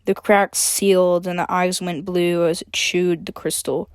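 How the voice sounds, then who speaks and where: A woman's voice: fairly low pitch, flat delivery, a little slow, clean tone, dry recording, studio quality. Woman reading her own story aloud. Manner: chatty intro with fillers, then plain reading.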